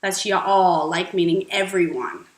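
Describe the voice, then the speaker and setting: A woman's voice: a little high, lively intonation, a little slow, fairly bright tone. A woman hosting an advice vlog, answering viewer questions in a playful, blunt, irreverent way. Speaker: host. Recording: echoey room with faint music.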